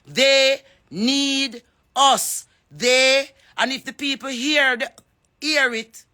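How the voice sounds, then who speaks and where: A Jamaican woman who sings makes a pressing social media appeal, preaching fervently and calling people out one by one. Her medium-pitched voice is bright and forceful.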